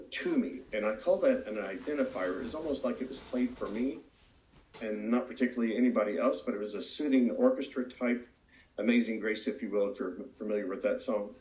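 Low-voiced man telling his story. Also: darkish tone. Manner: earnest, reflective storytelling. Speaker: AA speaker. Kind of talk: personal recovery testimony. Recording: roomy echo.

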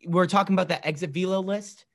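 A man co-hosting a casual sports podcast, excitable and prone to stammered restarts. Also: high-pitched, fast, creaky. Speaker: podcast co-host.

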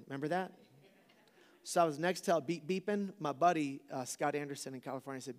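A man's voice: mid-range voice, fairly even intonation, quick pace, vocal fry, long reverb tail. A man in his forties, a preacher telling a funny personal story to a live audience, casual and joking, often asking the crowd questions.

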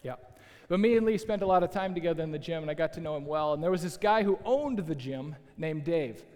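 A man preaching a sermon as a pastor, telling a story in a lively, conversational way with asides to the listeners. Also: a little high, fast talker. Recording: long hall reverb.

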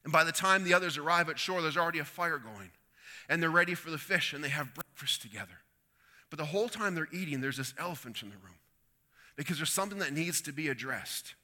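A man's voice: fairly high pitch, lively intonation, fast, sharp tone, long reverb tail. A man preaching a sermon, telling a story and acting out the quoted lines with rising and falling intensity. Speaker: pastor.

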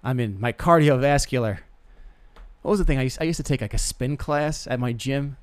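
A young man hosts a podcast, delivering a casual comedic monologue in a clean, echo-free, mid-range voice at a slightly fast clip. His rambling, self-deprecating stories are full of stammered restarts.

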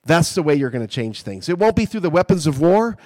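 Male pastor, slightly high voice, casual sermon delivery with emphatic swells. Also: sing-song, fast, dark tone. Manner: conversational, builds to emphatic peaks.

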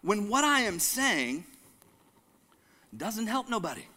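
A man preaching a sermon, animated, joking and calling the congregation to say lines back. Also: high voice, slow pace. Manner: jokes and laughs with the audience. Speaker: pastor.

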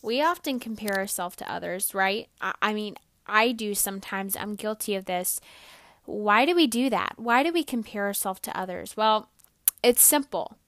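Young woman, devotional podcast host, earnest, encouraging, repeats phrases, dry close sound, mid-pitched voice. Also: lively intonation, normal speed, a bit bright, no echo.

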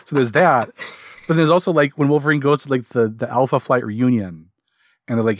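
A man's voice: mid-range voice, fairly even intonation, fairly quick, no echo. Rambling male podcast co-host, dry sound. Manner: rambling, lots of fillers and restarts. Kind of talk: casual chat.

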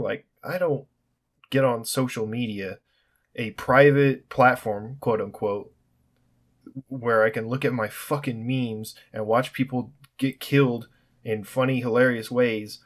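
Brief: young man, solo podcast rant, mid-pitched, sarcastic and sweary, rambling. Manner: sarcastic, profane, rambling with restarts. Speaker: podcast host.

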